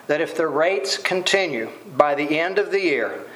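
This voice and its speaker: A man's voice: a little high, animated, normal speed, fairly bright tone, rough recording. A man preaching a sermon, asking rhetorical questions and voicing quoted lines dramatically.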